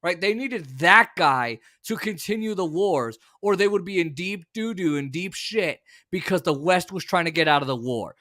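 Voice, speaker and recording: A man's voice: high voice, expressive, normal speed, hardly any pauses, pushed and bright, no room sound, studio quality. A man hosting a talk show, ranting about politics in a heated, profane way with stumbling restarts. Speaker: host. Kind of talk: political rant.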